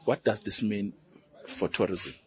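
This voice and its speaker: Low, husky male news reporter. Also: a little mellow. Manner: brisk, direct questioning. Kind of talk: news interview questions.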